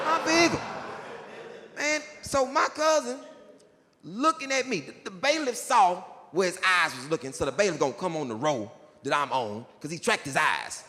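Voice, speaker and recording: A male stand-up comedian telling stories in a jail, animated and jumping up into excited shouts. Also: high voice, normal speed. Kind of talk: stand-up storytelling. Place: jail, large hard room. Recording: long hall reverb, faint noise.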